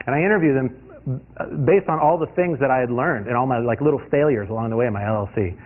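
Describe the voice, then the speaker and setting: A man from the US East Coast giving a guest lecture, telling lively personal anecdotes with frequent restarts. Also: medium pitch, quick pace. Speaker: guest lecturer, industrial designer. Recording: tinny lo-fi recording.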